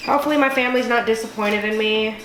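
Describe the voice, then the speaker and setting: A woman's voice: a little high, fast. A tipsy woman hosting a casual cooking video, crude and giggly with lots of swearing. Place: home kitchen. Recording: echoey room with faint music.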